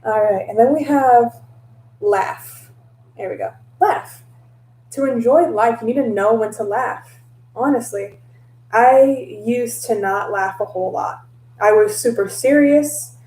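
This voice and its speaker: A woman telling stories in a casual vlog, animated and laughing often, slipping into voices for her own past lines. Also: on the high side, measured pace, echoey room, low-quality recording. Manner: laughs often, mixes in mild cursing. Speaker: tarot reader and vlogger.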